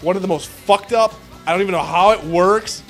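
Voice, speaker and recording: A man in casual chat, excitedly and profanely rambling through a movie recap. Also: high-pitched, fairly quick, faint music behind.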